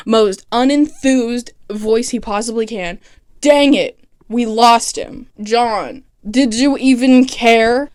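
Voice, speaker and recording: Animated, sarcastic woman recapping a show. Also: fairly high pitch. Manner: animated, sarcastic, swears freely; mimics characters in quick asides. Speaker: TV recap vlogger. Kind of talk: casual chat.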